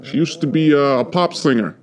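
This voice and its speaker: A man's voice: fairly high pitch, a little fast, close to an everyday voice. An actor playing a sleazy male butcher who sells human meat, with casual, rambling salesman patter. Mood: pushy. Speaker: shopkeeper.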